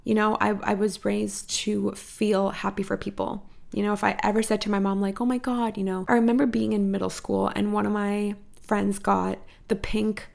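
A woman's voice: mid-range voice, little pitch movement, moderate pace, gravelly, hardly any pauses, darkish tone. A woman in her thirties hosting a solo podcast, giving candid, chatty advice with casual swearing and playful asides. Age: 30s. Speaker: podcast host.

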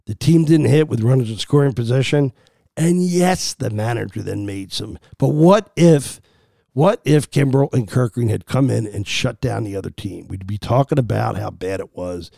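A man's voice: mid-range voice, lively intonation, moderate pace, vocal fry, dark tone, no echo, clean studio sound. A man hosting a sports podcast, arguing his opinions in a heated, emphatic way.

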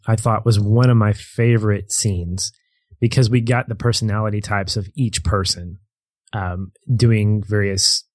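A man's voice: lowish voice, dry recording. A man co-hosting a casual movie discussion, thoughtfully recalling scenes at length. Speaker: podcast co-host.

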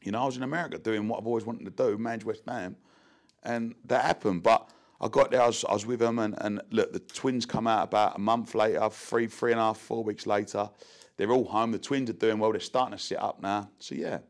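A middle-aged man, telling an emotional personal story as an interview guest, animated and repeating words as he rushes on. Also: lowish voice.

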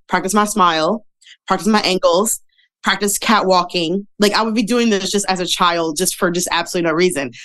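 With a mid-range, fairly bright voice, a thirtysomething woman shares her story as a guest in a casual interview. She's open and talkative, self-deprecating, and her speech is packed with fillers and laughs.

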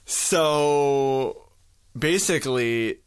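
A man's voice: mid-range voice, drawn-out words, clear, resonant tone, no room sound, clean studio sound. A man co-hosting a casual podcast, agreeably backing up his partner and summarizing the plot. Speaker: podcast co-host.

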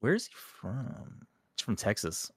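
Low-voiced rambling man. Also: huge pitch swings, unhurried, fairly bright tone, husky, no echo, clean studio sound. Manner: rambling, swears casually. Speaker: podcast co-host. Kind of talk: casual chat.

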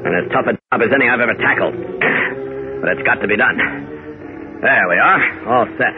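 A man's voice: mid-range voice, fairly quick, natural voice. A man playing an earnest, heroic reporter and superhero in a 1940s radio drama. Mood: determined. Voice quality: earnest, commanding. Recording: tinny old radio recording with faint music.

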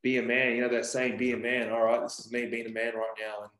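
A man's voice: medium pitch, flat delivery, fast talker, fairly bright tone. A man speaking as a podcast guest, earnest and emotional, often saying "you know". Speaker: podcast guest, breath-work facilitator. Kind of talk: heartfelt conversational sharing. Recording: roomy echo.

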